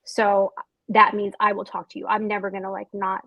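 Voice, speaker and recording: A young woman author chats on a panel, effusive and gushing, tossing in quick quoted asides. Her voice is husky with a slight breathiness. The sound is dry and close. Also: medium pitch, completely flat delivery, a bit bright, dry recording, rough recording. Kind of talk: casual panel chat.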